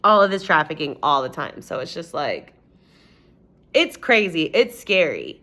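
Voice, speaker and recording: A woman's voice: sits low, sing-song, a little slow, a bit bright. A young woman vlogger telling a personal story in a rambling, casual way, swearing often and saying "like" a lot.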